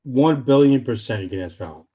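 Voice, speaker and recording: A man speaking as a podcast guest about home sales, blunt and animated, often acting out what clients should say. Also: mid-range voice, brisk, dull audio. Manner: blunt, animated storytelling with acted-out quotes. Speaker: real estate short sale specialist, podcast guest. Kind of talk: casual interview talk.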